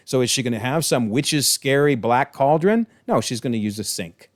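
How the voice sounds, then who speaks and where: A man's voice: medium pitch, sing-song, a little fast, few pauses, no room sound, studio quality. Chatty man breaking down a TV episode. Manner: chatty, amused, often calls things hilarious; briefly acts out quoted lines in changed voices. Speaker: online TV episode reviewer. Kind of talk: casual episode breakdown commentary.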